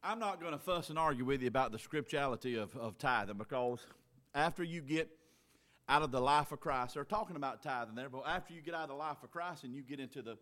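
A man preaching a sermon as pastor, folksy, moving from quiet asides to loud shouting. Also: mid-range voice, fast talker.

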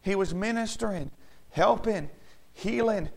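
A male pastor preaching a sermon, swinging from shouted exhortation to quiet, folksy talk. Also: high-pitched, a little slow, creaky.

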